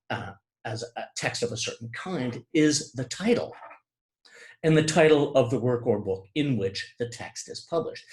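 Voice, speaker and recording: A man lecturing to camera in an explanatory, example-led way, stopping for asides and restarting his sentences. His pitch rises and falls in a lively way. He taps out rhythms with spoken beats. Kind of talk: recorded lecture.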